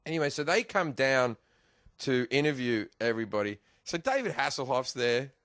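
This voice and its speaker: A man's voice: mid-range voice, very animated, normal speed, a bit bright, no room sound, clean studio sound. An Australian man, a podcast guest, telling stories in casual chat, laughing often and swearing freely.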